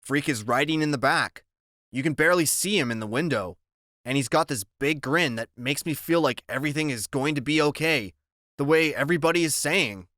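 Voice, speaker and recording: A man's voice: a little high, brisk, bright, forceful tone, no echo, clean studio sound. A man narrating an audiobook in the first person, in a plain, conversational storytelling manner.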